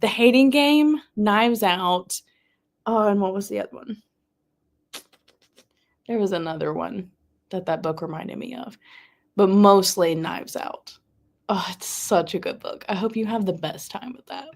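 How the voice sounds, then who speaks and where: A woman's voice: medium pitch, a little slow, vocal fry, pauses often. Bubbly Southern woman chatting live. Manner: bubbly and chatty, answers her chat. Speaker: booktuber hosting a live reading sprint. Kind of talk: casual livestream chat.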